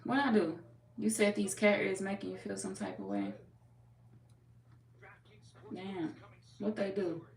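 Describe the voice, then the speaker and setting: A woman giving a casual live tarot reading. She talks bluntly and profanely, chats with her viewers, and is slightly hoarse from losing her voice. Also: mid-range voice, very animated, a little slow, long pauses. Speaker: tarot reader. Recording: echoey room, distant mic, background noise.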